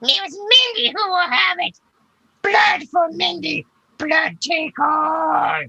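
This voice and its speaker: A man's voice: slow pace, gravelly, pushed and bright, dry recording, lo-fi sound, heavily acted. A man voicing a greedy female cave creature who shrieks in broken phrases. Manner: high, shrieking, broken speech.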